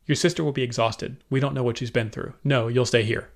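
A man's voice: mid-range voice, fairly even intonation, a little fast, gravelly, close to an everyday voice. A man voicing a worried, protective father laying down the law in an audiobook. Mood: anxious firm. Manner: firm, anxious.

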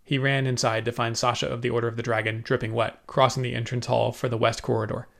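A man narrating an audiobook with steady storytelling. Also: medium pitch, fast, vocal fry.

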